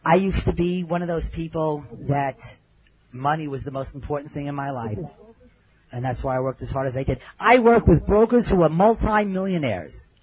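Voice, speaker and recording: Middle-aged man, earnest storyteller, slightly high voice, muffled lo-fi sound. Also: normal speed, breathy edge, no room sound. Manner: earnest, drops low and soft at moving moments. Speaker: survivor telling his story. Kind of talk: personal storytelling.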